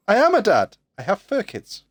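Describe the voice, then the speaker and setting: A man's voice: high voice, wildly swooping pitch, moderate pace, no room sound. A man streaming a game, chatting casually with friends and joking around. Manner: joking, laughs a lot, tells dad jokes. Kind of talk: casual gaming chat with friends.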